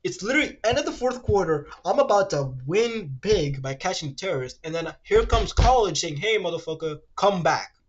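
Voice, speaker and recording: A man streaming casually while he draws, rambling and ranting, swearing freely and reading web answers aloud in a quick mumble. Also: lively intonation, breathy edge, muffled recording. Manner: rambling, ranty, swears freely, fillers like "low-key" and "like"; reads web search results aloud in a rushed mumble. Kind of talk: casual livestream chat while drawing.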